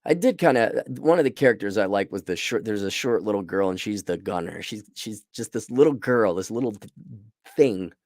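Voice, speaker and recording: Middle-aged male host for a casual livestream review: blunt and rambling, lively pitch, dry close sound. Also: fairly quick, dry recording. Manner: rambling, blunt, restarts mid-sentence. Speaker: show host reviewing a series.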